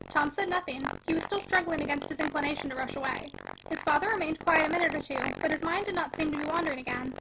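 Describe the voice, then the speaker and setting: A woman narrating a classic novel as an audiobook reader with an expressive, animated delivery. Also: sits high, fast talker, music in the background, low-quality recording.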